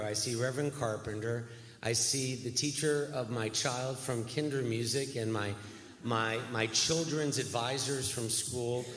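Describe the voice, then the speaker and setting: A man, a rabbi giving an earnest, folksy guest speech in a church sanctuary. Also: medium pitch. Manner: folksy, earnest, self-deprecating. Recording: echoey church hall.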